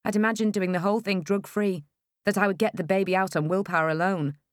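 A woman narrating a first-person audiobook in a wry, expressive storytelling manner. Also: mid-range voice, quick pace, no room sound, clean studio sound.

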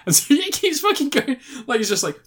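A man's voice: very high-pitched, very animated, fairly quick, fairly bright tone. A young man chatting casually about a film he watched, rambling and sweary, often laughing and restarting his sentences. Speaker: film reviewer. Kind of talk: casual chat.

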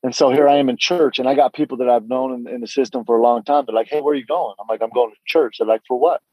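A man's voice: medium pitch, steady tone, quick pace, no room sound, dull audio. A middle-aged man giving a candid personal testimony, telling his story earnestly with frequent restarts and quoted dialogue.

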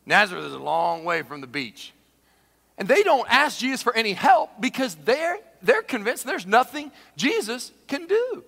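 A man preaching a sermon, who swings from shouted, acted-out quotes down to hushed, slow asides. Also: extremely high pitch, gravelly. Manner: animated preacher, shouts dramatized quotes, then drops to a hush. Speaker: pastor. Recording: long hall reverb.

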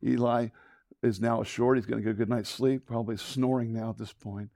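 A man preaching a sermon, telling a Bible story with lively acted-out voices and closing in a hushed prayer. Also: medium pitch, a little fast, gravelly, no echo, studio quality. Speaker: pastor.

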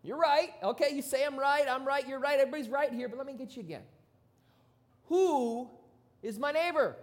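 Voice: high-pitched, expressive, fairly quick, long reverb tail, voice pushed up. A preacher acting out a smug male expert in religious law who needles with cocky questions. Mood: needling.

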